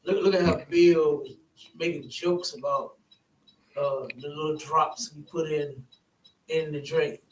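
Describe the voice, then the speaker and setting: A man with a high voice talks loosely and circles back to his points, checking in with the listener again and again. He sounds off-mic in an echoey room, with a faint hiss behind him. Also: steady tone, unhurried, distant mic. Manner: rambling, repeats "you know what I'm saying". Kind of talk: casual spoken discussion.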